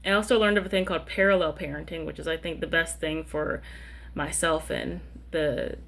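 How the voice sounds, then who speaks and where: A woman's voice: deep voice, fairly even intonation, a little fast, creaky, fairly bright tone. Woman, 30s, vlogger. Casual, rambling chat to camera, conversational asides. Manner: chatty and rambling, keeps asking "you know what I mean".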